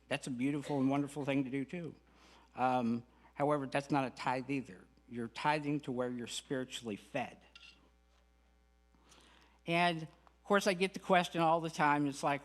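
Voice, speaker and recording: A man's voice: medium pitch, normal speed, a bit bright. A middle-aged man gives an earnest, folksy spiritual lecture with humorous asides as a guest speaker at a spiritual center.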